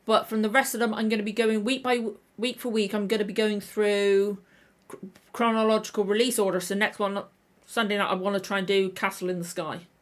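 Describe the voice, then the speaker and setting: A woman's voice: medium pitch, flat delivery, a little fast. Tired woman rambling on a livestream. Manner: rambling, self-correcting. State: tired, throat a little tender. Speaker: reaction channel host. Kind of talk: casual livestream chat.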